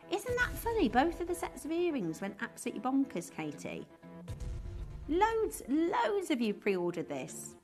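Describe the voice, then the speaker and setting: A woman presenting live on a shopping channel, chatty and enthusiastic as she banters with colleagues off camera. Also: mid-range voice. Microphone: studio mic.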